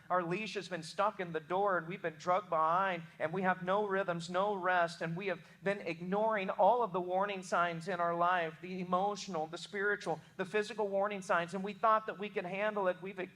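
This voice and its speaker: A young adult pastor with a Southern American accent, preaching a sermon in an earnest, emphatic way, often restarting words. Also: male voice, high voice, a bit bright.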